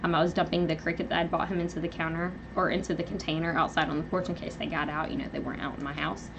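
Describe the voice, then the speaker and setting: A young woman hosting a live stream from home, rambling through an animated personal story with lots of fillers. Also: low voice, very fast, gravelly, background noise. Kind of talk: casual venting live chat. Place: at home, indoors.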